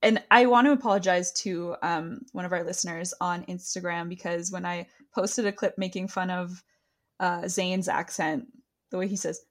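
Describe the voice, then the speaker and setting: A woman co-hosting a podcast in casual chat, lively and giggly, who slips into other people's voices when she quotes them. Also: fairly low pitch, moderate pace. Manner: lively, chatty, giggly, mimics accents when quoting. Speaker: podcast co-host. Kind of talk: casual chat recapping a reality show.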